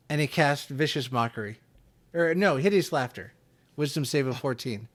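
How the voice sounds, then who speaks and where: A man's voice: mid-range voice, normal speed. A man playing a tabletop game, telling rambling jokes and advice in a loose, chatty way. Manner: rambling, joking storyteller. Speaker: player. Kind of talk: in-character tabletop play.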